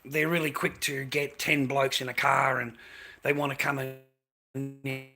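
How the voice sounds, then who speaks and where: A man's voice: medium pitch, little pitch movement, a little slow, sharp tone. An Australian man on a livestream, delivering a crude, rambling rant full of swearing and repeated phrases.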